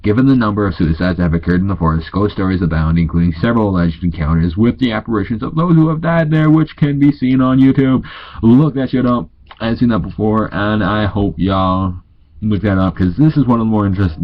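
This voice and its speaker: A man's voice: lowish voice, muffled recording. A tired young man from North Dakota with a stuffy nose, reading ghost stories aloud, stumbling over words and correcting himself. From North Dakota, USA. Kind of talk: casual read-aloud with asides.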